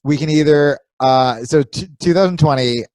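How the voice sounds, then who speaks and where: A man's voice: fairly high pitch, normal speed, darkish tone, dry recording. Blunt, profane male podcast co-host. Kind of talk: casual podcast chat.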